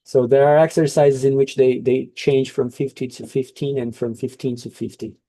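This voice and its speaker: A man's voice: mid-range voice, little pitch movement, normal speed, dark tone, no echo. Man teaching an online english class. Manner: explaining, coaching, frequent checks.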